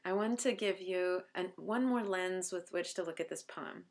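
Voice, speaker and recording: A middle-aged woman, a college professor, explaining a poem line by line and reading its verses aloud slowly. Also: lowish voice. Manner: slows down to recite verse aloud. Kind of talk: line-by-line poetry lecture.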